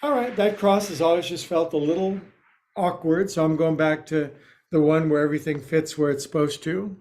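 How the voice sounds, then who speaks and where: A man guiding a yoga class, giving slow cues with playful, quirky asides. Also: on the high side, fairly even intonation, darkish tone. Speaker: yoga teacher.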